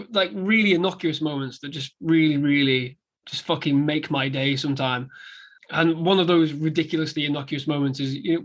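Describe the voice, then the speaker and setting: A man's voice: on the high side, a bit bright. A man, a guest on a podcast, talking enthusiastically about films and swearing freely. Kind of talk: casual film chat.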